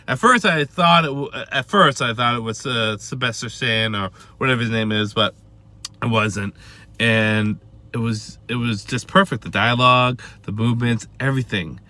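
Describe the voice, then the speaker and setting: Excitable swearing man with a bright voice. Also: mid-range voice. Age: adult with a wife and family. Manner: swearing, emphatic, stammering restarts. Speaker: vlogger. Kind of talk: casual excited fan rant.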